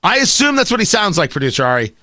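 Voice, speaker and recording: A man's voice: high-pitched, sing-song, fast, bright, forceful tone, dry recording. A man hosting a talk radio show, delivering an opinionated, sarcastic monologue into a studio microphone. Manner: sarcastic, mocking, does voices.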